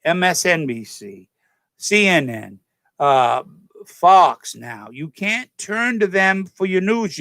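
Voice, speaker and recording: A man's voice: a little high, fairly bright tone. A man with a slightly raised voice delivers a loose, rambling monologue to his channel's viewers. He keeps circling back to his points, repeating and correcting himself as he goes, and calls his listeners "folks." The sound is dry and close, with almost no room echo. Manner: addresses viewers directly as "folks". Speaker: channel host. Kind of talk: casual political and religious monologue to camera.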